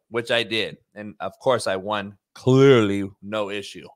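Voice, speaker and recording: A man hosting a talk show, ranting in a profane, animated, rambling way. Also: lowish voice, moderate pace, hardly any pauses, dry recording. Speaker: host. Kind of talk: casual chat.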